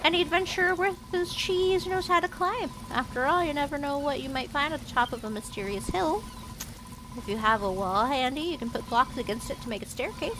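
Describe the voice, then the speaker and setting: A woman voicing a chirpy mouse adventurer who teaches climbing tricks, in a high, loud, theatrical put-on accent. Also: a little fast, natural voice. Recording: clear background noise.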